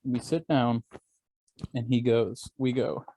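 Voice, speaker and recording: Animated, swearing young man telling a story. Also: mid-range voice, slow pace. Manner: animated, profane, acts out quoted voices. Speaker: podcast co-host. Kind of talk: casual storytelling chat.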